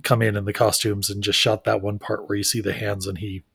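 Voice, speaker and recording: A man's voice: fairly low pitch, little pitch movement, brisk, vocal fry, a bit bright, breathy edge, dry recording, studio quality. Man explaining trivia in casual chat. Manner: explains behind-the-scenes facts, laughs along. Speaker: podcast co-host. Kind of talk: casual chat recapping an episode.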